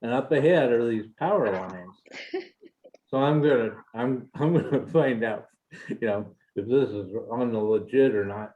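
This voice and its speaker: A man telling family stories slowly, laughing often as he goes. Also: medium pitch, highs cut off. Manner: laughing, slow and lively. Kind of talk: casual family storytelling.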